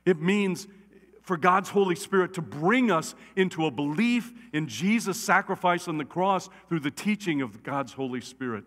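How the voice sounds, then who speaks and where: A man preaching a conversational sermon as a pastor, animated and often checking in with "right?". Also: high voice, moderate pace. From United States. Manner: animated, repeatedly asks "right?". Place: church sanctuary. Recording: long church reverb.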